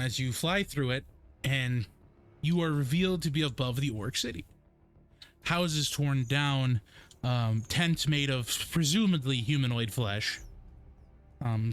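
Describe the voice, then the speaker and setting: A young man narrating a tabletop game as game master, unhurried and descriptive with frequent ums. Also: mid-range voice, a bit bright. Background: faint background music.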